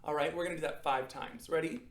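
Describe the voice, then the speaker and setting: A young adult man teaching children a drama warm-up, upbeat and encouraging, checking in often. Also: fairly high pitch, roomy sound. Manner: upbeat, encouraging, frequent "okay?" check-ins. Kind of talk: guided acting warm-up for children.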